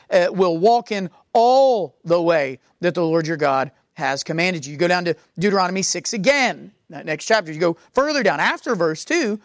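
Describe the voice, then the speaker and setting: A woman preaching a sermon, reading scripture slowly and repeating key words for emphasis. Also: a little high, no room sound, clean studio sound.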